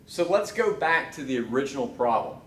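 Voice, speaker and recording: A man's voice: mid-range voice, lively intonation, a little fast, recorded from a distance, a little hiss or hum. Casual male lecturer in an echoey room. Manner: casual, thinking aloud with restarts and asides. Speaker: engineering lecturer. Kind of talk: recorded technical lecture.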